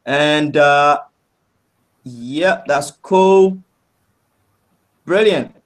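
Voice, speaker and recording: This is a man pitching a product during a webinar, sounding upbeat and persuasive. He draws out his words, keeps asking "right?", and calls the listeners "guys."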